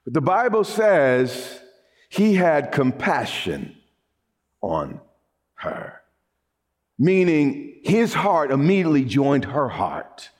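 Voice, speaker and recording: A middle-aged man preaching a sermon, animated, with repeated phrases and quick restarts. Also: a little high. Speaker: pastor.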